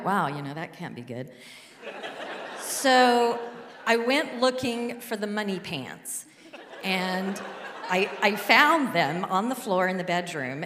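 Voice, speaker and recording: A woman's voice: a bit bright, a little hiss or hum. A woman from Alaska telling a true story on stage with a handheld mic, dramatically acting out the people in it. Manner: dramatic, quotes husband in a high panicked voice. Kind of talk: live storytelling. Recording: echoey hall.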